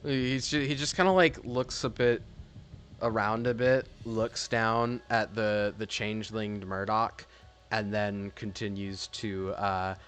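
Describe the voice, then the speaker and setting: A man's voice: on the low side, steady tone, slow, fairly bright tone. Casual male game master. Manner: casual, rambling with fillers. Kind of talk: narrating a tabletop game.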